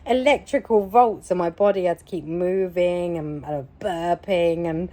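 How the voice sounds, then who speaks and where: Mellow woman telling her story. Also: fairly low pitch, moderate pace. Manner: emphatic, repetitive, animated retelling. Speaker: vlogger. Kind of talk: casual personal storytelling.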